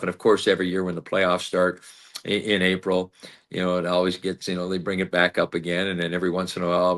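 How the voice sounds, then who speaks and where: Gravelly and low, with a fairly bright tone, this former player turned team broadcaster in his sixties spins interview stories. Fillers crop up constantly, and he performs the quoted lines as he goes.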